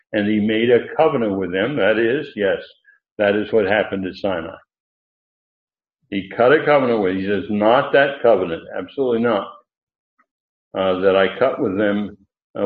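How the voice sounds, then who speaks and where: Slow, halting man teaching scripture, tinny and echoey. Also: fairly low pitch. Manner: halting, many fillers and restarts, stresses emphatic words. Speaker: Bible teacher. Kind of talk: verse-by-verse Bible teaching. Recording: echoey room on a tinny phone-like line.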